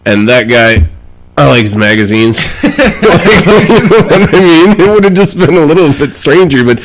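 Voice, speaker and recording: A man's voice: a little high, lively intonation, normal speed, noisy background. A man co-hosting a podcast in casual banter, rambling, laughing often and acting out quotes. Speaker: podcast co-host.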